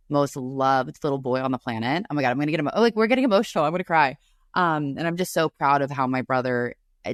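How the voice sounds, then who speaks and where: A woman's voice: extremely low pitch, no echo, studio quality. A woman co-hosting a podcast remotely, comforting her friend in a rambling, tearful way. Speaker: podcast co-host. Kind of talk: casual chat. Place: separate room, remote recording.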